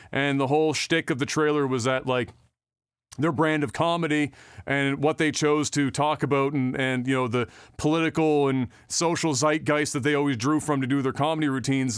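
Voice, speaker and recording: A man's voice: a little high, clear, resonant tone, no echo, clean studio sound. Rambling, profane podcast host man. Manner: rambling, profane, with frequent fillers. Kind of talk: casual podcast chat.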